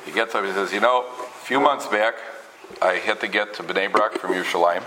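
A man telling humorous stories in a sermon, animated and full of restarts, peppering his talk with Hebrew and Yiddish terms. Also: lowish voice, a little fast, slight background noise, poor audio. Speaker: rabbi giving a talk. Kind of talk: storytelling sermon.

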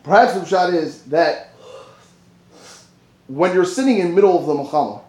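High-voiced animated man teaching Torah. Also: moderate pace. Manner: animated, dips low for asides and rises for emphasis. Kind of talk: Torah class. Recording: roomy echo.

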